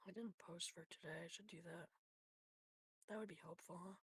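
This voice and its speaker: Husky-voiced woman streamer chatting casually. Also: on the low side, fairly even intonation, normal speed, fairly bright tone, no echo. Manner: chatty, swears freely, drops into whispered asides. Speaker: livestreamer. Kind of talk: casual stream chat while gaming. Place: home computer setup.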